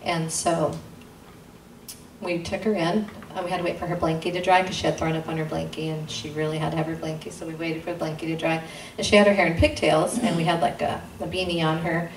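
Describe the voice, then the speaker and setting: A lowish-voiced woman gives her testimony fairly quickly, with little pitch movement, as a guest speaker in an intimate church gathering room. She is earnest and re-enacts conversations with sudden pitch leaps. The audio is roomy, from a distant mic, with faint noise.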